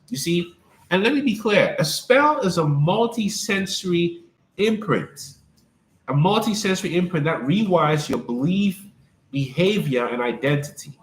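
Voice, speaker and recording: A man with a high, bright-pitched voice leads a live-streamed spiritual talk, pressing each point home with emphatic repetition. He speaks like a preacher and calls out to viewers by name. The sound rings off the walls of a reverberant room. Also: expressive, moderate pace, slight background noise. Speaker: life coach hosting a live stream.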